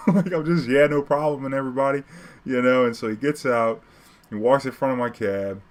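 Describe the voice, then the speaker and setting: A young man, telling a taxi story in a casual, animated way, laughing often and acting out what people said. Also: mid-range voice, a little fast. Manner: animated, laughing often, acts out quotes loudly.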